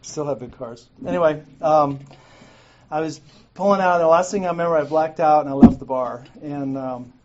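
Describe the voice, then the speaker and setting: A man's voice: fairly high pitch, moderate pace, a little mellow. Candid middle-aged man, muffled noisy recording. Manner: candid, profane, laughs at his own story. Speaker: guest speaker at a recovery meeting. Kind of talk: personal recovery story told to a group. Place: meeting room. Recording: muffled lo-fi recording with clear noise.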